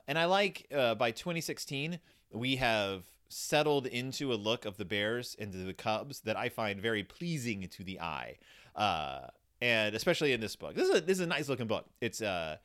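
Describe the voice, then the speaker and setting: A man's voice: medium pitch, a bit bright, smooth. A man from Texas, a host casually reviewing a children's book, chatty and rambling with many fillers and restarts. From United States (Texas).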